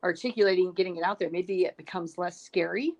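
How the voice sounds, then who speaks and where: A woman's voice: fairly low pitch, fast talker, darkish tone. A middle-aged woman hosting a podcast interview, talking in an encouraging, thinking-aloud way with many restarts. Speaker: podcast host. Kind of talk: casual interview chat.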